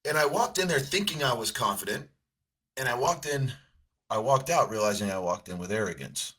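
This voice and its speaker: A man's voice: mid-range voice, lively intonation, brisk, bright, forceful tone, husky. A middle-aged man, a coach, talking earnestly and reflectively to a camera in a casual motivational way. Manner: earnest, reflective, with many restarts. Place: seated in front of a camera.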